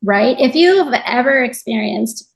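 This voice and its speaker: A woman guest in an interview, telling her story in a reflective, animated way. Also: on the high side, a little slow, poor audio. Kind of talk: conversational interview.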